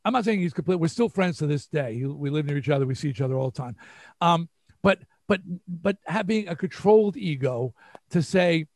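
A man's voice: on the high side, fairly quick, no room sound, studio quality. An older man with a New York accent, telling stories as an interview guest and acting out what people said. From New York area. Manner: animated, acts out quotes. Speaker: guest musician. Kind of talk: storytelling interview.

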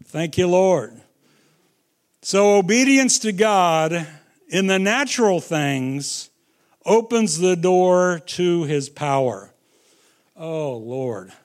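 Man, middle-aged, preacher, sermon, high-pitched, unhurried, dramatic storytelling. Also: animated. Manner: storytelling, dramatic swings between loud and hushed.

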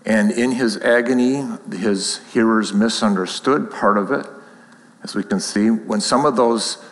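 A man giving a sermon, reading scripture aloud and explaining it in a measured, explanatory way. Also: on the low side, long reverb tail, rough recording. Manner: measured, explanatory, reads aloud then comments. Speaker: preacher.

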